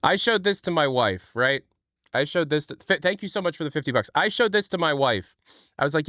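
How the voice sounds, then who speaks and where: A man's voice: brisk, no room sound. A man hosting a live stream in casual chat, thanking viewers and swearing freely. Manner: animated, swings pitch, thanks viewers, swears. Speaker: livestream host.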